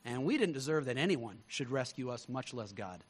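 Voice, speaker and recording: A male pastor preaching a sermon, telling stories with lively swings between loud emphasis and hushed tones. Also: medium pitch, brisk, breathy edge.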